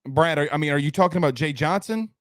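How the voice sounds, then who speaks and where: A man's voice: fairly high pitch, quick pace, a bit bright, no echo, clean studio sound. A man hosting a casual live sports talk stream, loose and slangy, reading out viewer comments and an ad. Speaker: sports talk show host.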